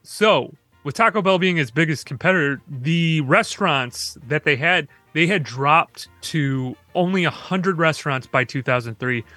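A man co-hosting a podcast, telling stories quickly and casually with laughs and asides. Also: on the high side, animated, sharp tone, dry recording, faint music behind. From Michigan. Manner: fast storytelling with laughs and asides. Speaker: podcast co-host.

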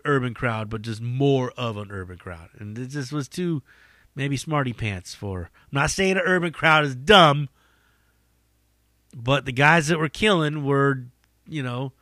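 A man hosting his own podcast as a working stand-up comic, rambling through backstage stories with plenty of profanity and chuckles. His voice has a bright, forceful edge at an ordinary middle pitch. It is recorded close and dry, with no room sound. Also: no room sound. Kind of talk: casual storytelling monologue.

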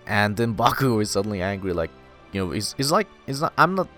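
A man casually recapping an anime episode, excitable and full of "you know" fillers. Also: fairly low pitch, fast, faint music behind.

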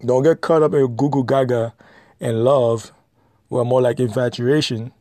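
A man's voice: medium pitch, steady tone, a little slow, dark tone, no room sound. A man giving blunt, lecturing advice in an opinionated monologue, repeating his points.

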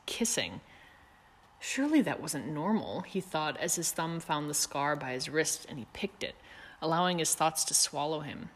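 A woman narrating a chapter of fan fiction in a measured, softly expressive reading. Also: sits low. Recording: long reverb.

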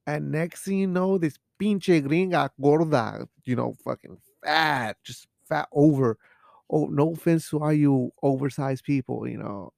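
A young man rambles through a profane, casual chat, dropping in Spanish words. He talks slowly in a gravelly voice that sits a bit high for a man. The sound is dry and close. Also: a little mellow, no echo. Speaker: podcast host. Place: home studio.

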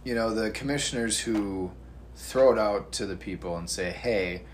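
A man's voice: on the low side, normal speed, slight background noise. A man in casual conversation, laid-back and often laughing as he talks. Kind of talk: casual chat.

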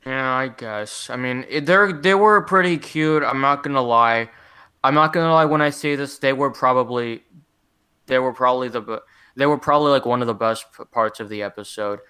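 A man's voice: mid-range voice, normal speed, bright, forceful tone, clear, resonant tone. A young man in casual chat, reviewing cartoon episodes, often restarting his sentences and sounding a little wry.

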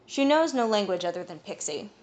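A woman reading the measured, knowing lines of a calm fae elder man in an audiobook. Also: medium pitch, close to an everyday voice. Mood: explaining.

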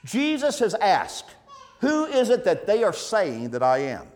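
A man's voice: high-pitched, wildly swooping pitch, measured pace. A man preaching an evening sermon in an earnest, emphatic way, asking rhetorical questions.

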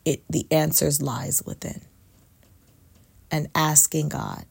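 A low-pitched woman speaks slowly and meditatively, her voice gravelly and husky with frequent fry. She leans into soft whispers to stress her points, like a spiritual coach talking straight to her listeners, in a dry close recording. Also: steady tone, no room sound. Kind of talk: slow reflective faith talk to camera.

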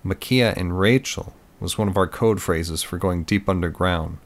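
Man, very deep voice, audiobook narration, steady, measured. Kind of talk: first-person storytelling narration.

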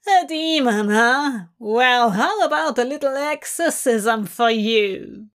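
A menacing occultist man who snarls and drags out his words in a loud, hard voice, as a woman reader puts him on. He sits a little above the narrator's pitch and sounds cruel and gloating. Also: lively intonation, slow. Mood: snarling.

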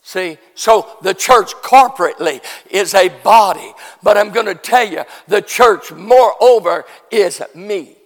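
Man preaching, high voice, slow deliberate delivery, swells to shouts, echoing church hall. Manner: builds from quiet teaching to shouted preaching; teases and coaxes the congregation. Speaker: pastor. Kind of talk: revival sermon. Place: church sanctuary.

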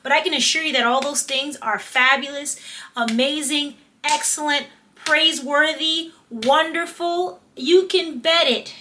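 A woman's voice: high-pitched, unhurried, noisy background. A woman hosting a faith-based podcast, speaking with fervent, repetitive, preacher-like encouragement mixed with casual slang. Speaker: podcast host.

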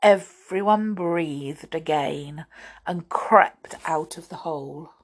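A woman reading a children's storybook aloud as the storyteller, in an expressive, lively way. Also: low voice, slow, breathy edge.

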